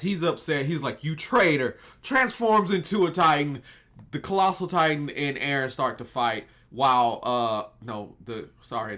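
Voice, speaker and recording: Bright-voiced man recapping anime casually. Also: mid-range voice. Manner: rambling, animated, laughs often. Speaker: anime reviewer.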